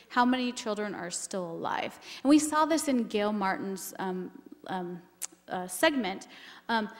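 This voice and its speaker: A woman's voice: mid-range voice, long reverb tail. A woman giving a keynote talk on family history, earnest and emotional, with many ums as she goes.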